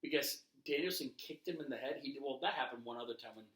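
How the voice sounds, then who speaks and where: A man co-hosting a laid-back wrestling podcast. He tells stories in an animated way and laughs often. His voice is bright and forceful. It sits in an echoey room. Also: mid-range voice, quick pace. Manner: animated, laughing storyteller, swears casually. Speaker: podcast co-host. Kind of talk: casual chat about wrestling.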